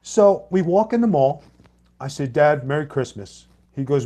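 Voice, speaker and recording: A man's voice: medium pitch, lively intonation, normal speed, mellow. A middle-aged man, a former wrestler, casually telling a story in a blunt, plain-spoken way, voicing both sides of the dialogue in his own voice. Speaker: former pro wrestler and co-host.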